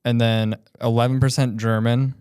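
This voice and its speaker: A young man co-hosting a podcast in casual chat, teasing his partner and quick with jokes. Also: mid-range voice, little pitch movement, a little mellow, smooth, dry recording, clean studio sound. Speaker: podcast co-host.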